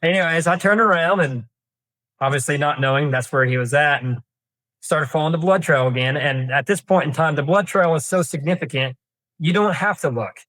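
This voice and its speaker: The voice is fairly high and fairly bright, belonging to a young Kansas man who talks briskly. As a podcast guest and deer hunter, he rambles folksily through a long hunting story, packed with fillers and restarts, in a casual interview. There's no echo on the recording.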